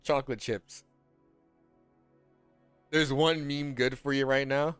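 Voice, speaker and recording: A man ranting in casual, slangy talk as a gaming content creator, heated and animated, swearing freely. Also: mid-range voice, slow pace, clear, resonant tone, faint music behind.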